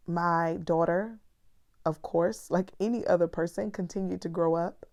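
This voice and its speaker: Slow, mellow-voiced woman reflecting candidly. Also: lowish voice, steady tone. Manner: candid, earnest, conversational, sprinkled with "honey" and "girl". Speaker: vlogger; mother. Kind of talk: personal reflective talk to camera.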